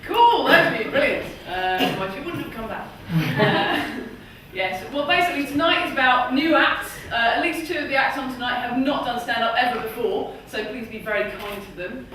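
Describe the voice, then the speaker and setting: A woman's voice: a little high, moderate pace, noisy background. A woman hosting a comedy night, introducing acts to the audience in an upbeat, chatty way. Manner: upbeat, chatty, filler uhs. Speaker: comedy club compere. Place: small comedy club. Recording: echoey room from far off.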